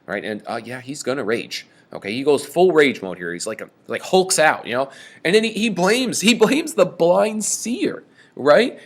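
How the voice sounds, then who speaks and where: A man giving a lecture on a play, reading lines aloud and explaining them in an animated, casual way. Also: on the high side, normal speed. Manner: animated, reads quoted lines with raised voice. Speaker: teacher.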